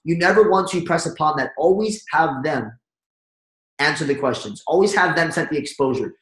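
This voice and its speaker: A man giving an energetic sales training talk and acting out phone calls as he coaches his audience. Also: fairly high pitch, moderate pace, roomy sound, poor audio. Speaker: network marketing trainer.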